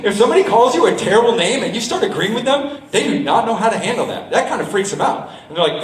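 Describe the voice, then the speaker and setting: A man giving a lively motivational talk to a school assembly as a speaker and juggler, often checking in with "right?" and "okay?". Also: sits high, quick pace, hardly any pauses. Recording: roomy hall, mic from a distance.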